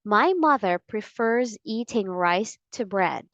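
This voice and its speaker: A woman teaching English pronunciation, speaking patiently and repeating model sentences slowly. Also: mid-range voice, lively intonation, fairly bright tone, no room sound. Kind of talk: slow, deliberate pronunciation lesson. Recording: dry, slightly dull sound.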